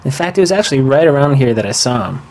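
A laid-back teenage rocker slacker in an audio drama, voiced by a man, easygoing and full of dude and bro. His voice sits at an ordinary middle pitch, relaxed and unhurried. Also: close to an everyday voice. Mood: storytelling.

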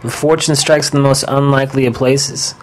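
An actor playing a laid-back teen rocker slacker who keeps calling people dude and bro. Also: male voice, mid-range voice, steady tone, a little fast, slight background noise, lightly acted. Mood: storytelling.

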